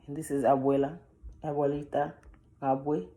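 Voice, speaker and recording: A woman's voice: low voice, little pitch movement, moderate pace, mellow. A woman reading a picture book aloud and chatting playfully to the listener about the pictures. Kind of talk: read-aloud with chatty commentary.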